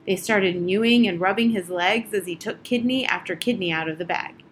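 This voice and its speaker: A woman reading an audiobook chapter aloud in a measured, steady storytelling manner. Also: mid-range voice, slight background noise. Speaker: audiobook narrator. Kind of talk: audiobook narration.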